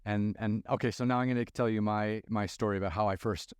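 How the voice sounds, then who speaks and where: A man's voice: fairly low pitch, fast, clean tone, dry recording, clean studio sound. A man from Canada in his thirties hosting a podcast, telling stories casually and using "like" a lot. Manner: storytelling, relaxed, says "like" often. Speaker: podcast host.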